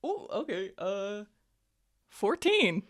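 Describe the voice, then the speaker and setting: A woman player in a tabletop game, talking casually with quick affirmations and frequent giggles. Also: medium pitch, big pitch swings, no echo, clean studio sound.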